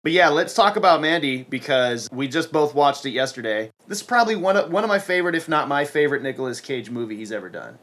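A man in loose, comedic podcast chat, riffing on absurd scenarios and slipping into goofy character voices. He laughs a lot and sits a bit higher in pitch than most men. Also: animated, fast talker, few pauses, a bit bright. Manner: jokey, acts out silly voices, laughs often. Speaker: podcast co-host.

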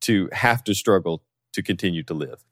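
A man's voice: sits low, normal speed, a bit bright, dry recording, studio quality. A man co-hosting a casual podcast chat, riffing and laughing through jokes. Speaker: podcast co-host.

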